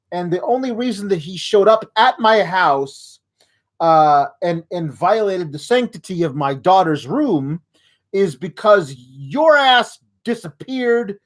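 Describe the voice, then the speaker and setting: A man putting on a whiny, indignant wrestler who whines in a raised, strained pitch, exasperated and self-pitying, in a mocking comedy impression. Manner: high, complaining, exasperated.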